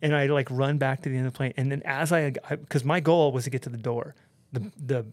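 A man, a podcast guest, telling a story in a casual, animated way, full of swearing and "like" and "dude". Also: medium pitch, fairly quick, no room sound. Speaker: podcast guest, pro snowboarder.

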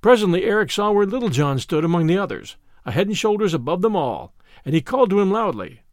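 A man narrating a classic adventure tale as an audiobook, reading in an expressive, theatrical way. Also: high voice, fast talker, no echo, clean studio sound.

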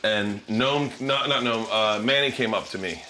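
A man's voice: fairly low pitch, normal speed, bright, forceful tone, slight background noise, poor audio. A man hosting while he cooks, telling stories in a loose, rambling way, laughing often. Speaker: host cooking for guests. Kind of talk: casual storytelling chat. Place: kitchen with food frying. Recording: frying and sizzling behind.

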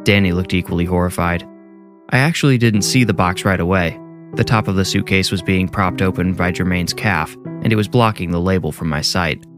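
A young man reads a horror story aloud in a steady, measured way. His voice sits low. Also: over music. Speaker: narrator.

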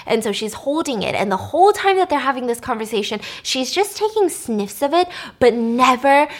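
A woman's voice: high voice, big pitch swings, moderate pace. A young woman casually recapping a drama, chatty and blunt, full of fillers and the odd swear word.

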